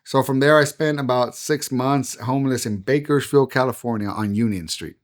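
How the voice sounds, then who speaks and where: A man's voice: medium pitch, moderate pace. A middle-aged man, a pastor, telling his personal testimony as a podcast guest in an earnest, heartfelt way.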